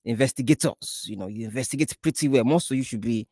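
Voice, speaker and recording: A man's voice: medium pitch, fast, darkish tone, no room sound, studio quality. A man from Africa hosting a reaction video, cutting in with blunt, teasing remarks. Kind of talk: reaction commentary.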